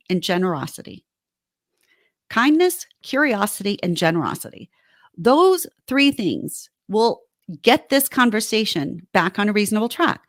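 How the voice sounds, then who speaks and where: Animated high-voiced woman giving advice. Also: no echo, clean studio sound. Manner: animated, acts out kind soothing phrases. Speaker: relationship podcast co-host. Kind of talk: casual advice talk.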